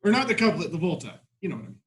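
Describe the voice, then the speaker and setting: A man teaching a literature class in a classroom, lively and full of rhetorical questions, often asking "right?". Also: fairly high pitch, very fast, rough recording. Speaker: high school literature teacher.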